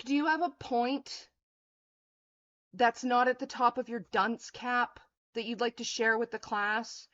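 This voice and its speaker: On a livestream, a woman in her thirties rants bluntly, profanely and confrontationally. Her voice is on the high side and a bit bright, though the audio is dull.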